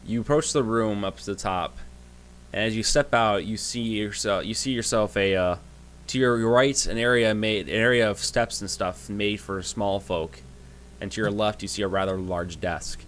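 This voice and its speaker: A man narrating a tabletop game as game master, with a halting manner and many restarts. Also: fairly low pitch, a bit bright.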